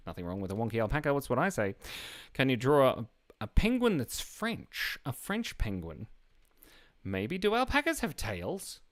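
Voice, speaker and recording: A man's voice: medium pitch, big pitch swings, normal speed. A man hosting a live drawing stream, chatting casually and playfully while reading viewer comments aloud. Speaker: live-stream artist host.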